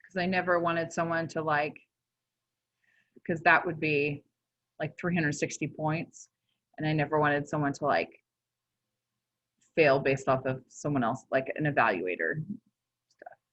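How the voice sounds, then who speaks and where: A woman's voice: low voice, unhurried, pauses often, a bit bright, dull audio. A young woman teaching a class in a casual, chatty way, full of filler words and self-corrections. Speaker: instructor.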